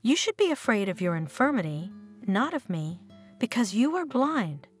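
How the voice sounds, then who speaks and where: A woman's voice: mid-range voice, sing-song, normal speed, faint music behind, close to an everyday voice. Woman doing a venomous scheming mother-in-law. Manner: venomous, mocking.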